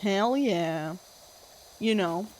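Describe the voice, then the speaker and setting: A woman's voice: mid-range voice, expressive, extremely slow, a little mellow. A young woman live-streaming a game, chatting casually and teasing her chat with frequent giggles.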